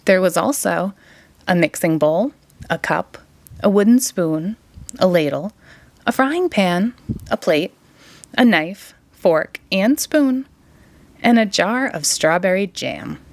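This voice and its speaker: Woman reading a kids picture book aloud, expressive, lively melody, very dry close sound. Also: on the low side, slow, long pauses, no room sound. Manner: expressive, sing-song. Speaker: storytime reader.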